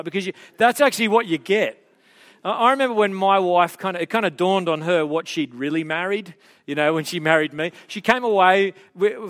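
A man's voice: a little high, fairly bright tone. A middle-aged male pastor giving a conversational, self-deprecating sermon to his congregation, full of asides and restarts.

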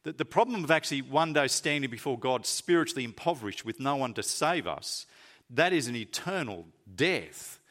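A man preaching a sermon, stressing words loudly and then dropping to soft, low phrases. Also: lively intonation, moderate pace. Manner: emphatic, swinging between loud stresses and soft low phrases.

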